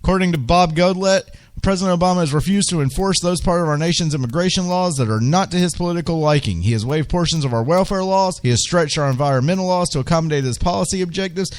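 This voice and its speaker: A man's voice: a little high, fast talker, few pauses. Indignant male talk radio host. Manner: indignant, ranting, rhetorical questions. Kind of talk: political talk radio monologue.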